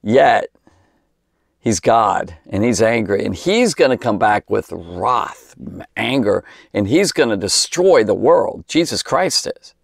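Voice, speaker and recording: Gravelly-voiced man teaching the Bible. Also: on the low side, sing-song, slow, no room sound, studio quality. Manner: folksy, rambling, with emphatic exclamations. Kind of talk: informal Bible teaching for kids.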